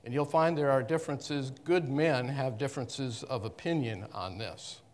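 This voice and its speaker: A man teaching the Bible to a congregation in a conversational way, pausing and correcting himself often. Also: mid-range voice, darkish tone. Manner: halting, with frequent restarts and self-corrections. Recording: long reverb of a hall.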